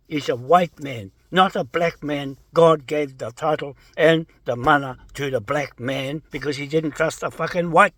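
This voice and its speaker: A middle-aged man rants through a rambling public statement, swearing and repeating himself. His voice sits fairly high, and he swings between slow drawn-out phrases and sudden loud bursts. The sound is dry and close, with little room in it. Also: no echo. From New Zealand.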